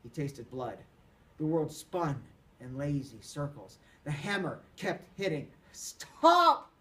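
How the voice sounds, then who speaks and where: A male teacher reading a novel aloud, with expressive, dramatic narration. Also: fairly high pitch, a little slow, recorded from a distance.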